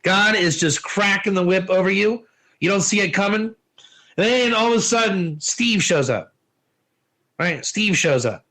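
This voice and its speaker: A man teaching a Torah lesson in an informal, animated way, telling stories and asking rhetorical questions. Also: sits high, measured pace, rough recording.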